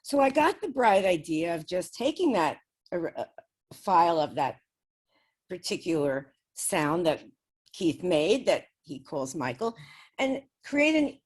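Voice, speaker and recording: A woman's voice: medium pitch, breathy edge. Chatty woman telling a personal story. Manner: chatty, laughs often between sentences. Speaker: guest describing spirit communication experiments. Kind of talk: casual storytelling.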